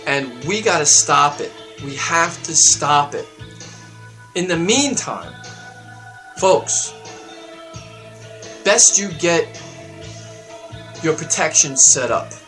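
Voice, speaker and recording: A man's voice: animated, slow pace, pauses often, bright, forceful tone, soft background music. Heated, profane man ranting on talk radio. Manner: heated, profane, emphatic ranting that climbs in pitch and volume. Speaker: radio show segment contributor. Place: radio studio.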